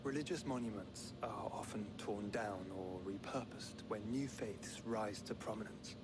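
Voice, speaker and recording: A man's voice: on the low side, measured pace, loud music behind the voice. Joshua, an earnest formal young man.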